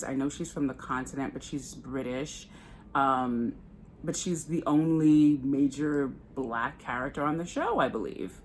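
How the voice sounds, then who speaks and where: A woman's voice: deep voice, slight background noise. An American woman chatting candidly while getting ready on camera, swearing casually. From United States. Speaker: beauty vlogger. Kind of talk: casual get-ready-with-me chat.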